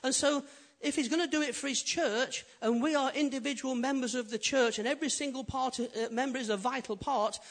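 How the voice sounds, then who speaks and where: A man preaching a sermon as a pastor, animated and humorous, swinging from loud emphatic lines to quiet intimate ones. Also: very high voice, fairly quick, few pauses. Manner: humorous storytelling.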